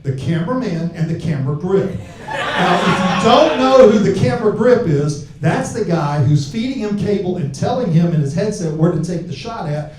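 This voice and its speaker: A man from Alabama does a crude, brash stand-up set on a club stage, rambling through punchlines into a handheld mic while the audience laughs. His high-sitting voice has lively intonation, a moderate pace and a darkish tone. He is heard from afar in an echoey room, with a little hiss or hum.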